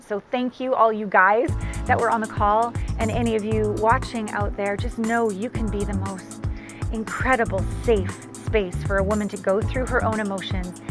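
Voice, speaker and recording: A middle-aged woman coach talking to camera, telling her story with animated, emphatic delivery. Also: medium pitch. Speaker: relationship coach. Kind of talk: casual talk to camera.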